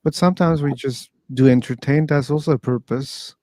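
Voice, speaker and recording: A man's voice: medium pitch, fairly even intonation, normal speed, warm tone, dry recording. A man hosting a casual online debate, patiently explaining his points and steering the talk back to the topic. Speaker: discussion host. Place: online voice chat room.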